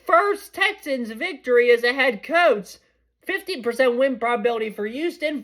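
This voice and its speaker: A young man hosting a podcast, giving casual sports predictions in a chatty, excitable way and often correcting himself mid-sentence. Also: very high-pitched. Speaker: podcast host.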